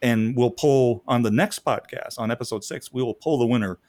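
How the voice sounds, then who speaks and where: A man's voice: medium pitch, brisk, no echo. A man co-hosting a podcast, reading out announcements and running a contest in a loose DJ-style way. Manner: lively, laughing, loose DJ-style delivery. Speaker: podcast co-host. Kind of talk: casual podcast chat.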